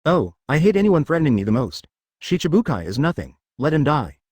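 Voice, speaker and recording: A man voicing a cold, ruthless young male pirate captain in a flat, even reading. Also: a little high, fairly quick, breathy edge, no room sound.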